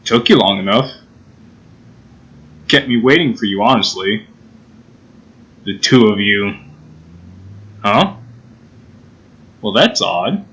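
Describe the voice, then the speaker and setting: A man's voice: on the low side, animated, slow, pauses often, a bit bright, voice pushed down, heavily acted. A man voicing a flustered, dry-humored teenage schoolboy while reading a visual novel aloud. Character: mild-mannered teenage schoolboy narrator.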